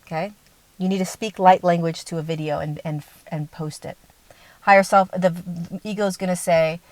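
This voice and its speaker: A woman's voice: fairly low pitch, steady tone, normal speed, dry recording. A woman giving a conversational spiritual teaching talk, direct and earnest, often checking in with the listener. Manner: conversational, checks in with "okay?" and "right?".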